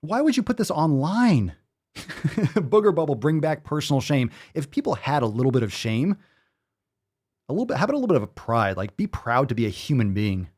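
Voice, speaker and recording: A man's voice: a little high, very animated, a little fast, a little mellow, slightly rough. A man hosting a fitness show, ranting with sarcastic, profane disbelief in live-stream commentary. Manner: sarcastic, profane, incredulous rants.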